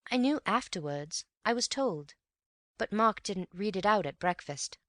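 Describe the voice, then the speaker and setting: A woman voicing a composed male secretary giving measured, wry evidence. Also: medium pitch, lively intonation, a bit bright, no echo, clean studio sound, voice pushed up.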